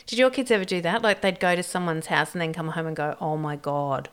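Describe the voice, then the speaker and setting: A woman, co-hosting a casual podcast chat and quick to joke and laugh. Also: lowish voice, smooth. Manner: chatty, quick with jokes and laughs. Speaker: podcast co-host.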